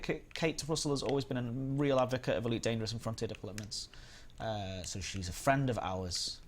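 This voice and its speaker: A man's voice: mid-range voice, slight background noise. A young man hosting a live game stream, chatting casually and greeting viewers by name in an upbeat way.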